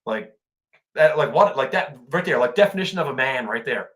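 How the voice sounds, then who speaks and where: A man's voice: medium pitch, expressive, fairly quick, a bit bright. Rambling male veteran telling war stories. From Canada. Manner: rambling, lots of restarts and "like". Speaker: veteran podcast co-host. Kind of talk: casual storytelling chat.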